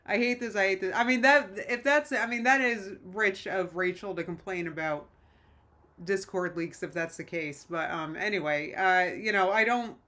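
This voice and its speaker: A woman's voice: mid-range voice, pushed and bright. A woman streaming from home, reacting to online drama with exasperated, restless commentary. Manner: exasperated, quick reactions, frequent restarts. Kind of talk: casual live-stream commentary.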